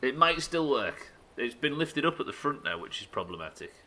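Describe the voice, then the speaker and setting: A young man streaming a building game live, commenting as he plays and bantering with viewers in an animated, sweary, self-mocking way. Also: medium pitch, normal speed, slight background noise.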